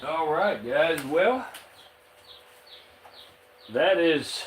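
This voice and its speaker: A man's voice: mid-range voice, measured pace, sharp tone, a little hiss or hum. A man streaming live with his reptiles, chatting casually with viewers and teasing his snakes like buddies.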